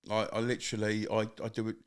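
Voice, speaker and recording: Sweary, giggly podcast host. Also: male voice, lowish voice, monotone, fast talker, clean tone. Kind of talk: casual chat.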